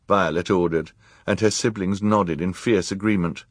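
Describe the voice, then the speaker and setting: A man narrating an audiobook in an expressive, measured way. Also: low voice, slightly rough, no room sound, clean studio sound. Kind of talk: scripted narration.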